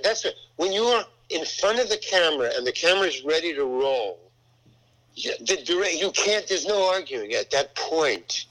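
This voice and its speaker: An older man, an actor, telling a rambling anecdote from a film shoot in a casual, halting way. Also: a little high, fairly bright tone, poor audio. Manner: rambling, halting, full of restarts.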